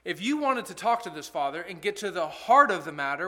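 A man's voice: high-pitched, animated, fairly quick, hardly any pauses, sharp tone. A male pastor giving an expository sermon in an earnest, conversational way, asking rhetorical questions.

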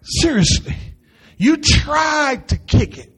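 A man preaching a sermon, animated and folksy, with quick asides to the congregation and acted-out quotes. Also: very high voice. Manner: acts out voices of the people he quotes. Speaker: pastor.

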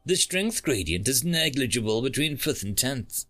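A man's voice: mid-range voice, big pitch swings, normal speed, sharp tone, soft background music, pitched above the performer's own voice. A man reading a story, voicing a formal, literal-minded female alien crew member in a raised voice. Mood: earnest. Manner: stiff, literal and earnest.

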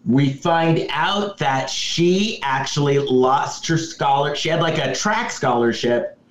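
A man's voice: fairly high pitch, takes it slowly. A man co-hosting a podcast, recapping a movie plot in a casual chat and answering with emphatic repeated yeses. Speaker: podcast co-host. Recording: roomy, dull lo-fi sound.

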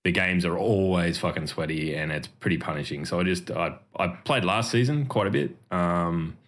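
A man's voice: sits low, normal speed, a bit bright. A man hosting a casual gaming podcast, swearing freely and laughing often. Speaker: podcast host.

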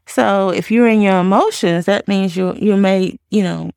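A woman co-host calmly explaining communication advice in measured, plain speech. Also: medium pitch, vocal fry, smooth, no echo, studio quality. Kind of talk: casual advice talk.

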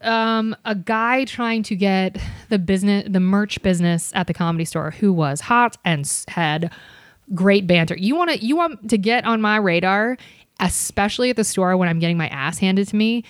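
A woman chatting as a podcast guest, spinning animated stories with quick asides and sudden jumps in energy. Her voice sits in a middle range. The sound is dry and close, with no room around it. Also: medium pitch, no room sound. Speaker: podcast guest, bartender and comedy club server. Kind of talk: casual podcast chat.

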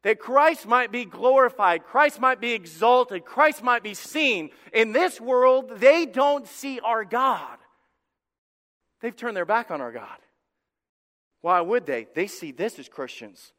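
Man pastor, high bright delivery, dramatic quiet-to-loud preaching, echoing sanctuary. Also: normal speed. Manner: preaching with dramatic shifts in volume, acting out God's voice. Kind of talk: sermon. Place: church sanctuary with congregation. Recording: reverberant hall.

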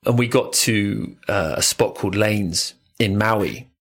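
A man co-hosting a casual surf podcast, telling stories in a lively, jokey way and swearing freely. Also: on the low side, measured pace. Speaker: podcast co-host. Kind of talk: casual chat.

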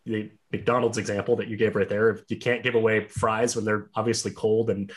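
A man's voice: on the low side, level tone, fairly quick. A man hosting an interview, asking long, thoughtful questions about managing staff. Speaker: interviewer, podcast host.

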